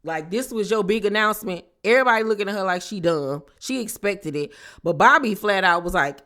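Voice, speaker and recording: A woman recapping a reality TV episode in a casual, animated, gossipy way, with slangy exclamations. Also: fairly low pitch, normal speed. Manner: animated, gossipy retelling with acted-out quotes.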